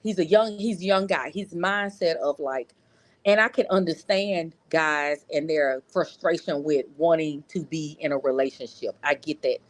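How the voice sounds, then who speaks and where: A woman's voice: low-pitched, normal speed, a little hiss or hum. A middle-aged woman from North Louisiana calling in to a casual chat, talking earnestly and often repeating words as she searches for them. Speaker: caller.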